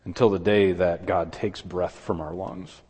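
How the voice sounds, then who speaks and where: A man preaching a sermon as pastor, earnest, with quick asides and objections voiced in a higher pitch. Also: steady tone, darkish tone, breathy edge. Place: church sanctuary. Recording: long hall reverb.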